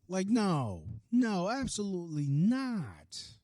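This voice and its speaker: A man hosting his own podcast, delivering a profane, heated solo rant that swings from low mutters to loud outbursts. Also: expressive, measured pace, dry recording. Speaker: podcast host. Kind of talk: ranting solo podcast monologue.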